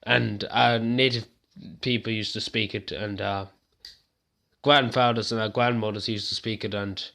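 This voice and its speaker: Irish male vlogger, gravelly voice, rambling casual monologue with restarts. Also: fairly low pitch, steady tone, a little slow, pushed and bright. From Ireland.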